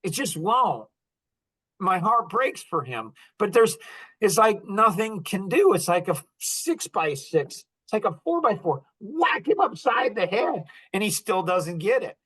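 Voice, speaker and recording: A man's voice: high voice, unhurried, slightly rough. Rambling man venting on a podcast. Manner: rambling, animated, acts out quoted conversations. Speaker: podcast host. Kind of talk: casual monologue.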